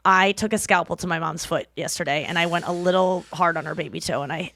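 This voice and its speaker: A woman's voice: on the low side, fast talker, hardly any pauses, fairly bright tone, no echo. A woman in her thirties hosting a podcast, rambling casually and swearing freely with self-deprecating humor. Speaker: podcast host. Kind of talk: casual chat.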